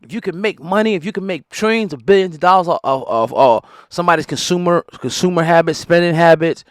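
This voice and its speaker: A man's voice: a little high, fast talker, no echo, clean studio sound. Heated, blunt man. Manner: heated, blunt, profane street talk. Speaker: hip hop news commentator. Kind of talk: opinionated commentary.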